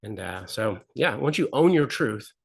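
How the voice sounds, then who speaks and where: Speaking at a normal pace, this middle-aged talk show guest has a medium-pitched, animated voice that's creaky and slightly rough. In a candid storytelling interview he earnestly recounts something personal, repeating phrases and performing the voices of people he quotes.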